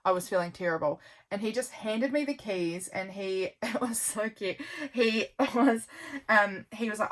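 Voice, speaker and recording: A woman's voice: mid-range voice, moderate pace. A woman chatting casually while flipping through her journal, rambling with lots of "um" and "like", her voice worn out from a long filming session. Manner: rambling, with frequent "um" and "like" and soft laughs. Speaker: junk journal vlogger.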